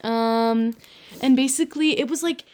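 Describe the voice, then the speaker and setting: Young woman telling an animated story. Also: high-pitched, unhurried. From United States. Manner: animated storyteller, acts out quoted voices. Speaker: podcast co-host. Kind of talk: casual chat.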